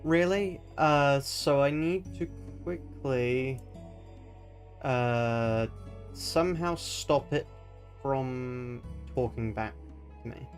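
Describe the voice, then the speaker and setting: At his home desk mic, an Australian man rambles through a live let's-play stream, thinking aloud and poking fun at himself as faint music plays beneath. His medium-pitched voice stretches words out.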